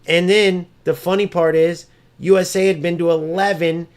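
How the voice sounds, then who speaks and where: A man's voice: little pitch movement, moderate pace. Ranting male gaming streamer. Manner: ranting and mocking, swears freely; mimics opponents in a high sneering voice. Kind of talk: live gameplay commentary and chat.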